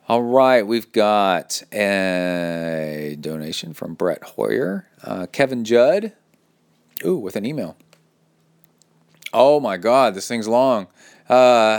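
A man hosting a casual podcast from his home training room, reading listener emails aloud and breaking in with jokey, excitable asides. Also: unhurried. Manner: excitable, jokey asides with sudden high-pitched exclamations. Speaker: podcast host.

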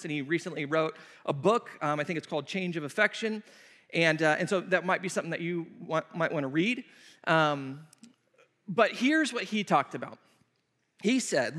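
A man's voice: high-pitched, a little fast, fairly bright tone. A man preaching a conversational sermon, answering questions from the pulpit with emphatic, repeated phrases. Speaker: pastor. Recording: long reverb of a hall.

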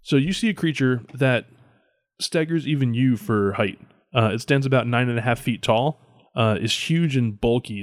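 A man narrating as game master of a tabletop game, describing scenes in a relaxed way. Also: mid-range voice, no room sound, clean studio sound.

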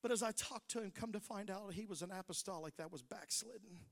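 A middle-aged man preaching a sermon, telling stories that build into shouted preaching. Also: high-pitched, quick pace, gravelly, big-room sound. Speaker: pastor.

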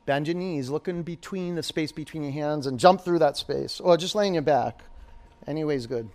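A man's voice: a little high, moderate pace, darkish tone. A man teaching a live yoga class, calling out poses, counting down holds and coaching students by name.

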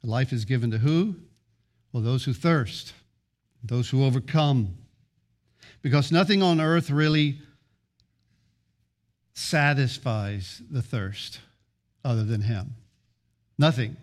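A pastor preaching with rising emphasis, stacking short phrases into rhythmic lists. His voice sits at a middle pitch for a man. He stumbles and restarts words as he drives each point home. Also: takes it slowly, pauses often. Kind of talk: sermon.

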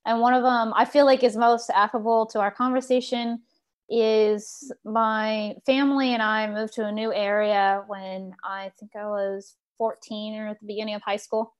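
A woman from Texas who leads a sharing circle, telling a personal story in a lively, animated way and laughing as she goes. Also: medium pitch, normal speed, clear, resonant tone. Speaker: group facilitator.

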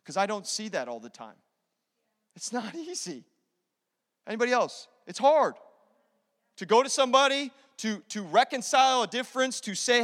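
A male pastor preaching a sermon in an energetic, conversational way, repeating key phrases. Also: very high-pitched, normal speed, pauses often. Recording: long hall reverb.

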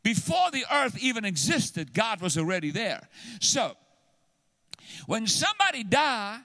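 A man preaching a sermon as a guest speaker, animated and exhortative, calling out to the church. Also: high-pitched, measured pace, no room sound.

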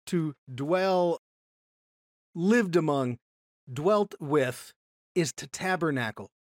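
A man teaching a Bible class from slides in a relaxed, conversational way, often checking in with his listeners and growing enthusiastic about discoveries. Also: fairly high pitch, no echo, clean studio sound.

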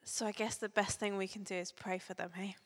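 Flat-voiced woman leading church prayer. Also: medium pitch, a little fast, long reverb tail, background noise. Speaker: prayer leader.

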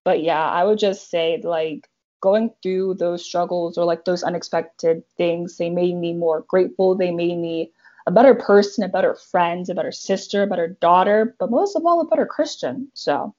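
A woman's voice: fairly low pitch, fairly even intonation, normal speed, a little mellow, lo-fi sound. A young woman talking casually about her faith, chatty, with lots of fillers. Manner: chatty, fillers, emphatic counting. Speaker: panelist.

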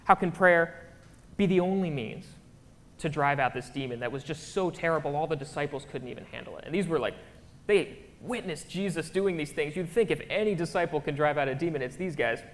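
A man's voice: a little high, fairly quick. A man preaching a casual, conversational sermon in a church, often checking in with his listeners. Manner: chatty, keeps checking in with the crowd. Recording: long hall reverb.

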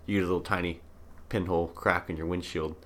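A young man co-hosting a podcast, calmly explaining his views through everyday examples. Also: low voice, quick pace. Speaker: podcast co-host. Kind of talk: casual conversation.

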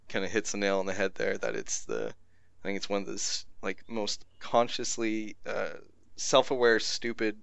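Wry male panelist, gravelly, crisp, on a dull, dry mic. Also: lowish voice, pushed and bright, no room sound. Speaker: podcast panelist. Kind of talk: casual chat.

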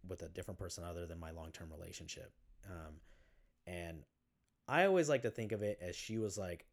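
Speaking in a low-pitched voice, a man recounts his own experiences as a guest in a casual podcast interview. He halts often, restarting sentences, using many fillers, and swearing casually.

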